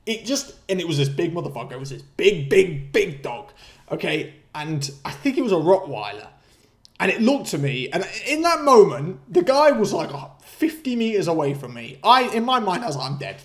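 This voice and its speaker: A young man ranting casually through a story to camera, swearing freely, laughing mid-sentence and jumping up in pitch when outraged. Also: darkish tone. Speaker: vlogger.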